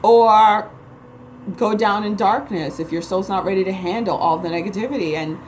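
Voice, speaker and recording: A darkish, mid-range female voice at a moderate pace belongs to a New York City spiritual vlogger who also does Reiki. She rambles to camera in a blunt, emphatic way, with slight noise in the background.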